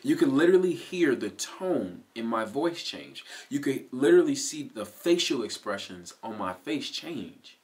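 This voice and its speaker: An earnest man speaks in a middle-pitched voice, coaching the listener through a motivational self-help talk. He repeats his key points and checks in with "right?" asides, recorded close on a studio mic. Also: big pitch swings, unhurried, hardly any pauses, darkish tone.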